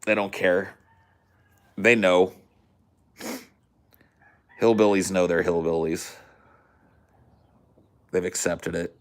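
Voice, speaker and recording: A man's voice: sits low, steady tone, slow pace, pauses often. An American man with a mix of country and Californian accent, chatting casually and profanely as a podcast co-host. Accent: mix of rural American and General Californian. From United States. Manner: profane, rambling, puts on mock accents. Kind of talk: casual chat.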